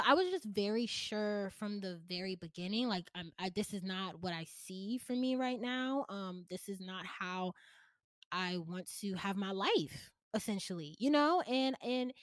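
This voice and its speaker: A woman's voice: mid-range voice, no echo. Candid young woman podcaster, dry sound. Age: 20s. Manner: candid, emotional, confiding; chatty, addresses listeners directly. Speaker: podcast host. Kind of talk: personal storytelling podcast.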